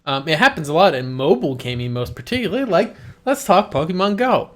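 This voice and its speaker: A man hosting a casual gaming podcast, talking in an animated way, swearing freely and laughing as he talks. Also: fairly high pitch, a little fast. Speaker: podcast host.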